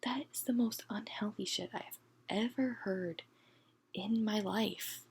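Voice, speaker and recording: A woman ranting in a casual book review, exasperated, often hushed to a half-whisper and peppering her talk with "like". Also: medium pitch, unhurried, gravelly, slight background noise.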